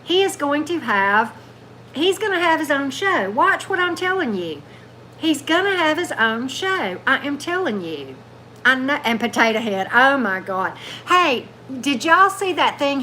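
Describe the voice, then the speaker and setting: A woman's voice: high-pitched, lively intonation, measured pace, sharp tone, slight background noise, low-quality recording. A woman hosting a tarot livestream, chatting loosely and answering viewer comments as they come in. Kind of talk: casual livestream chat with viewers.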